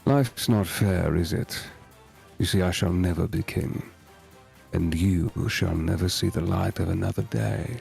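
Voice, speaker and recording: A man voicing a scheming male lion villain in a put-on British accent, drawing the words out slowly. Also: sits low, fairly even intonation, gravelly, darkish tone, faint music behind, heavily acted. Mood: menacing.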